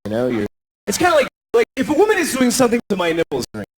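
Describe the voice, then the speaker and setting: A man's voice: wildly swooping pitch, very fast. An American man doing a crude, self-deprecating stand-up comedy routine, acting out voices. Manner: crude, self-deprecating, acts out voices with big pitch swings.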